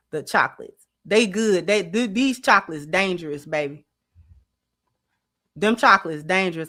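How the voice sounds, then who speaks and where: A middle-aged woman, hosting a casual livestream and talking straight to her viewers in an animated, drawling way. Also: fairly low pitch. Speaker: channel host.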